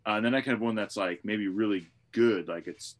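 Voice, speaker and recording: A man with a fairly low voice, musing aloud in a casual podcast chat. He talks like a pastor reflecting on his craft, loosely and thoughtfully, with lots of "like.". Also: brisk. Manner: reflective, thinks aloud with many "like" fillers.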